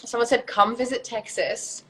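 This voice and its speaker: A woman's voice: a little high, moderate pace, crowd noise, poor audio. A young woman with an Australian accent, chatting casually and giggling on a phone live stream. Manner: chatty, giggly, trails off into whispers. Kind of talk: casual chat. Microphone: phone on a video live stream.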